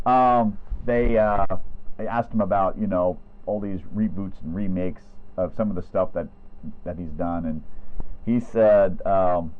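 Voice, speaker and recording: A man's voice: sits low, a little slow. A man co-hosting a casual movie review chat, easygoing and jokey. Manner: easygoing, jokey, sings snatches of tunes. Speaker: podcast co-host. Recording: tinny phone-like sound.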